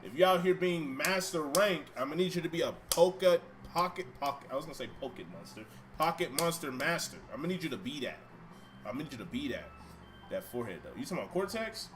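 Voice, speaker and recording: It's casual live-stream chat: a man plays a video game from home, bantering with viewers and cursing freely over game music. His slightly high voice is animated and quick, and the background is noisy.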